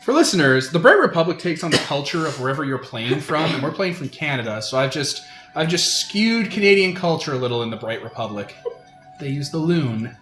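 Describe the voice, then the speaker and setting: A man's voice: on the high side, a little fast, music in the background. Game master man in an echoey room. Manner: relaxed, loose explaining with fillers. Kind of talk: narrating a tabletop game.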